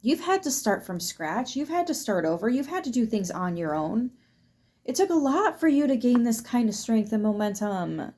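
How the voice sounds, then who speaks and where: A woman's voice: a little high, sing-song, moderate pace, a little mellow. A woman giving a casual tarot reading to her viewers in a chatty way, laughing often and swearing freely. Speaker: tarot reader.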